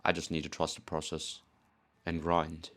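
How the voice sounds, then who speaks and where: A powerlifter narrating his training vlog in an earnest, measured voice-over. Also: a bass voice, completely flat delivery, a bit bright.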